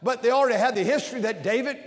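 A man's voice: very high voice, racing, big-room sound. A man preaching an emphatic sermon as a Baptist preacher, leading his congregation in call-and-response. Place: large church with balcony and bleachers.

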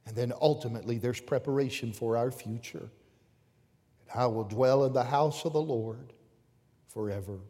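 A man preaching a sermon as pastor, swinging between fervent, raised passages and quiet, hushed appeals to the congregation. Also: mid-range voice, normal speed. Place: church sanctuary with pews. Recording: long reverb of a church hall.

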